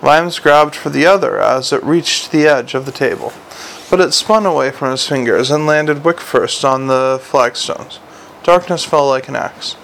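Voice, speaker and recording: Gravelly male audiobook narrator. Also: mid-range voice, normal speed, a bit bright, slight background noise, poor audio.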